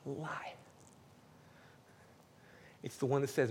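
A man preaching a casual, heartfelt sermon that moves between hushed whispers and loud, emphatic passages. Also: medium pitch, fairly even intonation, unhurried, long pauses. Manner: casual, uses "man" and "y'all". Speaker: pastor. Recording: hall with faint background noise.

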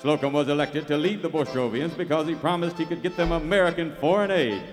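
A man announcing and narrating a live radio show, in a showman style, from a theater stage. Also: quick pace. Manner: booming showman announcing, then dry storytelling. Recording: live theater with reverb, audience and music.

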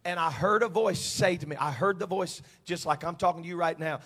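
A man pastor preaching a sermon in a church, moving from quiet storytelling to shouted climaxes. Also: on the high side, brisk. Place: church sanctuary.

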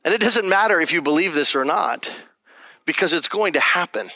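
A man's voice: a little high, animated, a little fast, pushed and bright, no echo. A pastor preaching a sermon to his congregation in a conversational, emphatic way, often checking in with "okay?".

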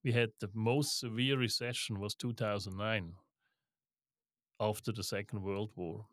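A man's voice: lowish voice, unhurried, dry recording. Man telling stories. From Switzerland. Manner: lively storytelling with laughs, frequent restarts. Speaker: guest, investment firm co-founder. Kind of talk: casual interview talk.

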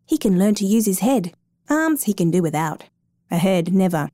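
A woman's voice: mid-range voice, big pitch swings, normal speed, warm tone, no room sound. A woman voicing a plainspoken, earnest husband hoping to adopt a boy, in a storybook reading.

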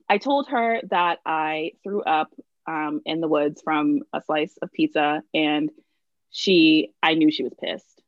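Young woman co-host, casual rambling storyteller, lowish voice, dry dull recording. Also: takes it slowly, no room sound. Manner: chatty, lots of "like" and restarts, laughs through stories.

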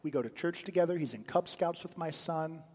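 Man doing a gentle, forgiving mother. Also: a little high, a little fast, long reverb tail, natural voice. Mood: calm, firm. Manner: soft, tender, reassuring.

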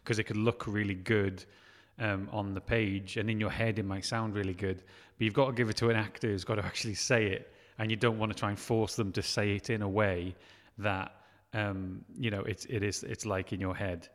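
A man's voice: lowish voice, flat delivery, moderate pace, long reverb tail. A man, a scriptwriter, talking casually and rambling with many restarts. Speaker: scriptwriter and podcast host. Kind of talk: casual chat.

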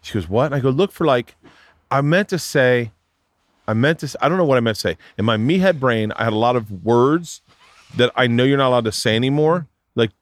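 A man's voice: medium pitch, fairly quick, no room sound. A middle-aged man hosting a podcast, telling rambling, profane stories and acting out the people in them. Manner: profane, rambling, animated storyteller who acts out quotes. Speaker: podcast host and comedian. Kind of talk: casual storytelling chat.

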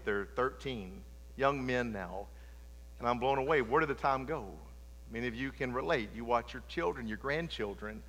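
A middle-aged man preaching a sermon with passion, swinging between loud emphatic lines and hushed low ones. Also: a little hiss or hum. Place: church sanctuary. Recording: long reverb of a large hall.

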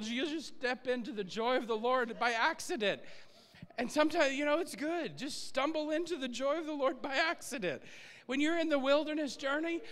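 A man preaching a sermon in an animated way, laughing often and acting out his own prayers, recorded in a church sanctuary. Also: very high voice. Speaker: pastor. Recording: long reverb of a church hall.

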